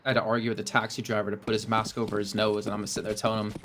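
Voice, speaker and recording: A man's voice: lowish voice, little pitch movement, rapid-fire, background noise. Dry-humored male esports caster. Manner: dry, teasing banter. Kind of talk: esports commentary.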